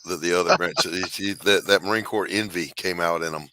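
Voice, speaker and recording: A middle-aged man hosting a drawing stream, chatting bluntly with loud bursts of drill-style barking. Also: sits low, steady tone, fairly quick, no echo. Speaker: art streamer, host. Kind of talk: casual chat while drawing.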